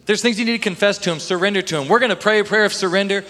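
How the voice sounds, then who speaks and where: A young man preaching a sermon in a church hall, animated and acting out Bible scenes in voices. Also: sits high, racing. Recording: long hall reverb.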